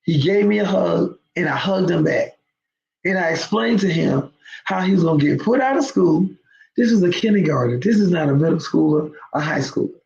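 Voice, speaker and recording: Gravelly woman telling a story. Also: on the low side, animated, normal speed, darkish tone, a little hiss or hum. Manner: emphatic, conversational storytelling. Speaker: host. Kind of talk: storytelling talk to viewers. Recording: roomy, dull lo-fi sound.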